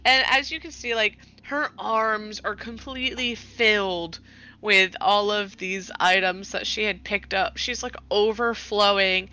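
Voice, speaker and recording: A woman playing a tabletop game, describing her character in a lively, giggly way. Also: mid-range voice, clear, resonant tone, poor audio. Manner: lively and giggly, quick asides. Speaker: player.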